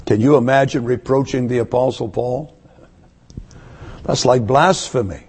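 A man's voice: mid-range voice, measured pace, long pauses, a little mellow, slightly rough. A man preaching a sermon to his church, emphatic and asking one rhetorical question after another. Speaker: pastor. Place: church service.

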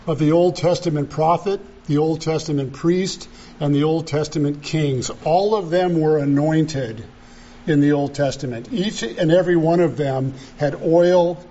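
A male pastor delivers a sermon at an unhurried, deliberate pace, driving home each point with emphatic repetition. His voice sits a bit higher than most men's. The recording is dull and lo-fi. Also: mellow.

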